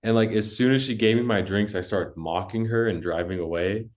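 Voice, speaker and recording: A man's voice: on the low side, normal speed. A young man co-hosting a podcast, telling rambling stories full of cussing, "dude" and "like" in casual chat. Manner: rambling storytelling, heavy cussing, lots of "dude" and "like". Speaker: podcast co-host.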